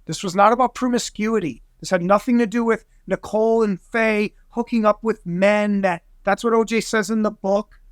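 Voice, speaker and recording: Excitable rambling man, dry sound. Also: high voice, moderate pace, few pauses, no room sound. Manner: excitable, rambling, acts out quoted voices. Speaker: guest investigator. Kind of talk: animated storytelling in conversation.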